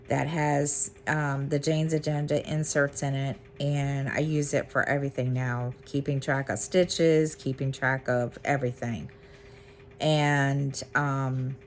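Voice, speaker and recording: A middle-aged woman talks casually to her viewers in a low voice and at an unhurried pace. She rambles and restarts often, filling gaps with ums. A faint hum sits behind her. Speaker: cross-stitch vlogger. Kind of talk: casual chat to camera.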